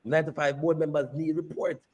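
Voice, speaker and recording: A man, a company CEO, telling a personal story in an interview with animated, repeated phrases. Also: fairly high pitch, a little fast. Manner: animated retelling that repeats phrases and slips into patois.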